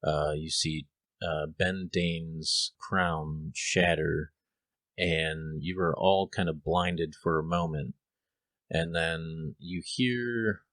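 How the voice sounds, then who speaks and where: A man's voice: low-pitched, a bit bright, no room sound. A young man narrating a tabletop role-playing game as game master, casual and rambling with many fillers.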